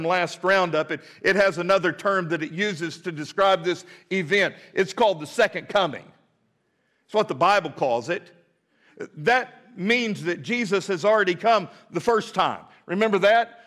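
A man preaching a sermon as pastor, telling a folksy story and repeating key words for emphasis, slowing down on important lines and talking straight to his congregation. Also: high voice, a bit bright. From United States. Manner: folksy, talks to the congregation directly.

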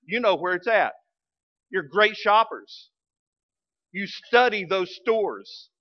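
Man pastor, high-pitched, lively humorous sermon delivery, muffled lo-fi recording. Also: slow pace. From Arkansas, US. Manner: animated, humorous storytelling with bursts of emphasis.

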